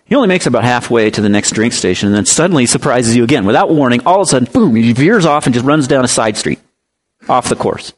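A man preaching a sermon, telling a lively parable and explaining scripture, with animated rises in pitch for emphasis. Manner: explains Greek word meanings. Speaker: pastor. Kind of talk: sermon with storytelling.

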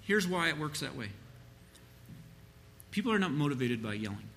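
A man speaking informally at church about discipline, wandering through fillers and restarts. His voice is bright and slightly high. A faint rumble sits behind him. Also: sing-song, normal speed, vocal fry. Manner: rambling, many fillers, acts out quoted parents and children. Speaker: church speaker answering a question. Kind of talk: informal sermon-style teaching.

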